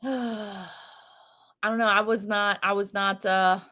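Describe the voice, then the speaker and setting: A woman chatting casually as a podcast co-host, excitable and profane, telling it with lots of energy. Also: medium pitch, slow pace. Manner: excitable, profane, animated storytelling. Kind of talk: casual chat.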